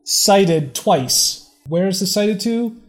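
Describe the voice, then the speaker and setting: Casting: slightly high-pitched man, podcast co-host, halting and stammery. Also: animated. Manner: stammering, restarts often, laughs easily. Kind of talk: casual chat.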